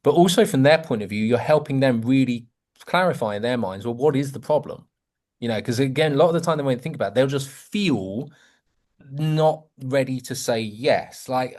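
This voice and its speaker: A man hosting a sales masterclass over a video call, speaking casually and playing out buyer and seller lines to make his points. His delivery swings widely in pitch. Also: moderate pace. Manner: lively, acts out sales dialogue in varied voices. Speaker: sales coach and host. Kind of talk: teaching on a group call.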